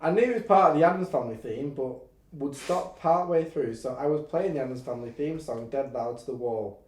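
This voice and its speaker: A man's voice: mid-range voice, fairly quick, a little mellow, echoey room. A man co-hosting a podcast, bantering casually in a blunt, jokey way with plenty of swearing. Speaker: podcast co-host.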